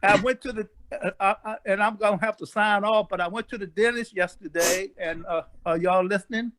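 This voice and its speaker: High bright-voiced older man telling family stories. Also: fairly even intonation, brisk, slight background noise. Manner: rambling, hesitant storyteller who laughs at his own tale. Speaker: family member. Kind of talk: casual family chat. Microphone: video call.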